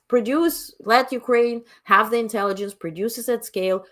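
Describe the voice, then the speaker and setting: A woman's voice: fairly high pitch, fairly bright tone. A woman with a non-native English accent hosts a live stream at her desk mic. She talks bluntly and with energy, her voice swinging widely as she reads out chat comments. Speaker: livestream host.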